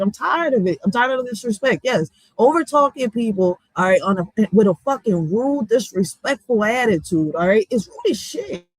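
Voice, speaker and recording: A woman from Philadelphia with a Philly accent, ranting bluntly and with a lot of swearing, going from loud outbursts to low muttering. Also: no room sound, rough recording. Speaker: vlogger. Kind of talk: heated profane rant.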